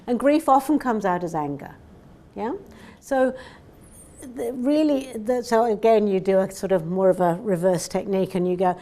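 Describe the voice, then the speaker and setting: A woman's voice: mid-range voice, expressive, a little fast, mellow, a little hiss or hum. Chatty New woman presenter. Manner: chatty, anecdotal, acts out dialogues. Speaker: seminar presenter. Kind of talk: conversational teaching talk. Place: seminar room.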